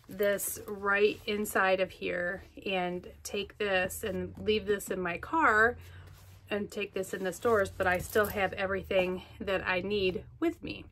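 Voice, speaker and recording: A woman's voice: mid-range voice, a bit bright. A woman showing off her things in a casual, gushing vlog chat, full of fillers, recorded at home. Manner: chatty, gushing, many fillers. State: out of breath. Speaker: vlogger. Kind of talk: casual show-and-tell chat.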